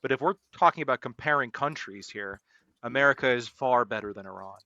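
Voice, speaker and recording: A man in a live stream debate, eager to make his position clear, heard through a dull, lo-fi microphone. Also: mid-range voice, a little fast, sharp tone, no echo. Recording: dull lo-fi mic.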